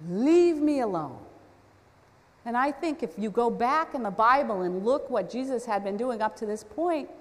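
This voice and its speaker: A woman's voice: on the high side, expressive, moderate pace, few pauses. A woman preaching a storytelling sermon, talking conversationally with self-deprecating asides. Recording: long hall reverb.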